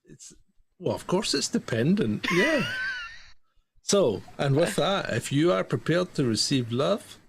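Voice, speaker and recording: A man's voice: a little high, creaky, a little hiss or hum. A man co-hosting a podcast, chatting casually in a giggly, dry way. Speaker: podcast co-host.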